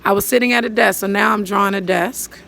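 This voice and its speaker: A woman teacher patiently walking students through writing a poem, counting syllables aloud and thinking out loud as she writes. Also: medium pitch, fairly even intonation, quick pace, vocal fry, a little hiss or hum. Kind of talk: step-by-step poetry lesson.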